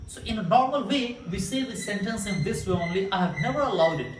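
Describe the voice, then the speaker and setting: A man with an Indian English accent gives a grammar lesson, explaining slowly and repeating example sentences with emphasis. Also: high voice, animated, recorded from a distance. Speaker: English teacher. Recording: echoey room, mic set back, faint hiss.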